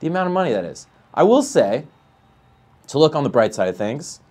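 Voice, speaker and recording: A man at mid pitch talks over his own baseball video game in a live stream. His voice swings widely, from mutters to sharp high peaks when he vents about the game. He rambles casually to viewers. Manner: animated, voice climbs high when outraged. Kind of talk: live gameplay commentary and chat.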